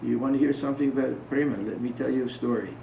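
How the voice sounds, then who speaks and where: Gravelly-voiced monk telling a spiritual story. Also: male voice, mid-range voice, quick pace, slight background noise. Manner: conversational, asks the audience questions. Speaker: monk giving a spiritual talk. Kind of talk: informal spiritual talk with storytelling. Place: talk to a small gathering. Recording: roomy, distant, dull sound.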